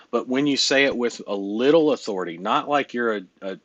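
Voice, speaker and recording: A man's voice: medium pitch, a little fast, a bit bright, no echo, dull audio. A man coaching a client on a casual call, blunt and joking, swearing casually. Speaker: business coach.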